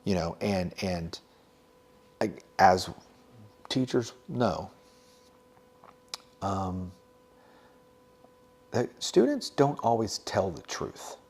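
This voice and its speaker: A young man with a slightly low voice talks casually, as a teacher sharing advice with other educators. He keeps it conversational, with plenty of fillers and quick asides. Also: very animated, creaky, darkish tone. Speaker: teacher and podcast host.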